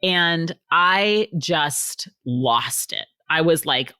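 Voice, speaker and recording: A woman's voice: low-pitched, lively intonation, very slow, hardly any pauses, sharp tone, clear, resonant tone, no room sound, studio quality. A woman author talking as a podcast guest, telling stories animatedly and acting out the quotes. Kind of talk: casual storytelling in a podcast interview.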